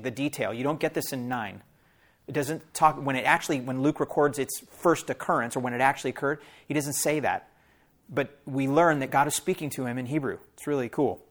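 A man's voice: mid-range voice, brisk. Man preaching, reading scripture with asides. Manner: explains scripture in plain asides, addresses listeners directly. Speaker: pastor.

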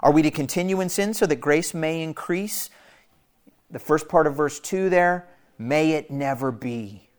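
A man preaching through a scripture passage in an earnest, emphatic way, his voice sitting a bit higher than most men's. He repeats his key phrases to press each point home. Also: normal speed. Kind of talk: expository sermon.

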